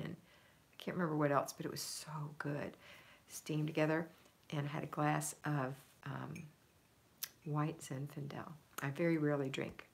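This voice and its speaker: A woman's voice: on the low side, a bit bright. A middle-aged woman chatting on a home livestream, reading viewer comments aloud in an upbeat way, laughing and trailing off with ums. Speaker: home organizing livestream host.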